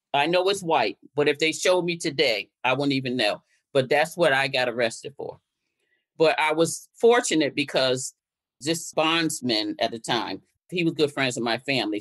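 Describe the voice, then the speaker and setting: An older woman from Connecticut, a guest and activist, telling her story in conversation and acting out the exchanges she quotes. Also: a bass voice. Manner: recounting events, re-enacting exchanges in quotes.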